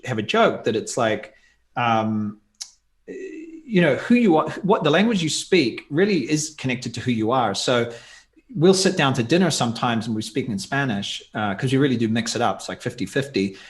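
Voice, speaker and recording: A man's voice: mid-range voice, lively intonation, moderate pace. A man talking in a casual podcast interview as a guest, thoughtful and rambling with many asides.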